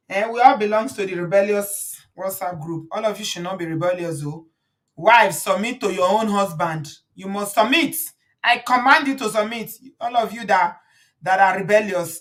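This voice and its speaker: A woman with a Nigerian accent hosting a casual livestream, chatty and preachy, often breaking into laughter. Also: medium pitch. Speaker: livestream host. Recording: voice a bit far from the mic.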